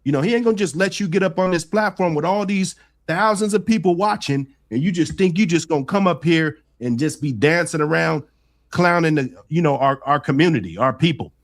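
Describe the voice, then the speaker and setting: A man on a casual livestream panel, making his case in a measured way and often adding "you know". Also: on the high side.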